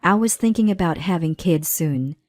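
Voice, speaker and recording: A woman in her thirties narrating a personal story in a measured, plaintive way. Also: fairly low pitch, animated, darkish tone, no echo. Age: 30s.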